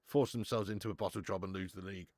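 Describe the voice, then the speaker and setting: A man's voice: deep voice, fairly even intonation, fast, darkish tone, dry recording, studio quality. A man hosting a live football watch-along, chatting casually, swearing and reading out viewer messages.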